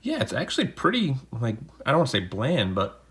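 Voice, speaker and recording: A man's voice: medium pitch, wildly swooping pitch, brisk, fairly bright tone. A man hosting a casual unboxing video, chatting in a rambling way with jokey asides from a home room with a desk camera. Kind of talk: casual unboxing and beer tasting chat.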